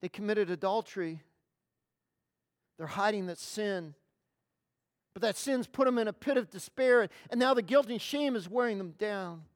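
Woman preacher, mid-range voice, emphatic sermon delivery with drawn-out key words and repeated starts. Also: mid-range voice. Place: in front of a congregation.

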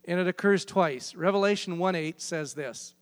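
High-voiced preacher in a reverberant hall. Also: male voice, normal speed, clear, resonant tone. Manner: emphatic, repeats key phrases. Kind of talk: sermon.

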